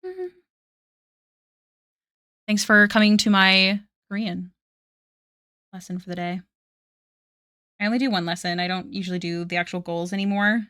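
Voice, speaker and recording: A woman's voice: mid-range voice, steady tone, normal speed, pauses often, sharp tone, clean tone, no room sound. Chatty woman streamer, dry close mic. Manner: chatty, self-deprecating, laughing often. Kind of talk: casual live-stream chat.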